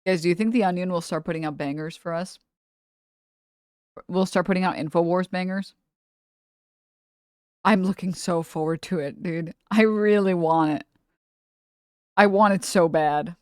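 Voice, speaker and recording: A woman's voice: fairly low pitch, steady tone, moderate pace, long pauses, darkish tone, dry recording, studio quality. A woman streamer chatting casually, rambling with lots of fillers and trailing off mid-thought. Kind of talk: casual live-stream chat.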